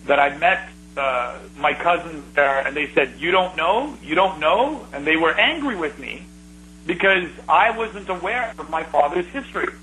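Man, middle-aged, casual chat, bright tone, lots of restarts, slight noise behind. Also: a little high, rough recording. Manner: rambling, restarts, animated storytelling. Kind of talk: casual reminiscing conversation.

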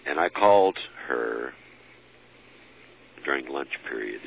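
A man telling a personal story as an interviewee, halting with many fillers and restarts and chuckling as he goes. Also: very deep voice, expressive, vocal fry, breathy edge. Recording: lo-fi phone-like recording with faint hiss.

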